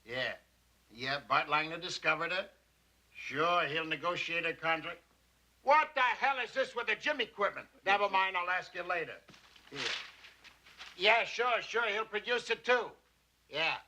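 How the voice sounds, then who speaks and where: Brief: wisecracking studio chief, tense sharp voice. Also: male voice, a little high, measured pace, pauses often. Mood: gruff. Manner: gruff, wisecracking. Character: gruff, shrewd male studio boss. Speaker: studio boss.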